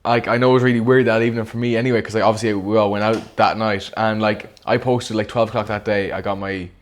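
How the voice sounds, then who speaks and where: A young Irish podcast host chats casually, telling stories in an easygoing way with plenty of fillers. He talks fast, his fairly low voice keeping a steady tone.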